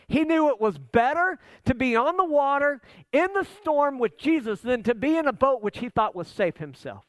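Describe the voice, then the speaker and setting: A man's voice: sits high, dry recording. A man preaching a sermon, his delivery impassioned, rising and falling as he acts out scripture. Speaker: pastor.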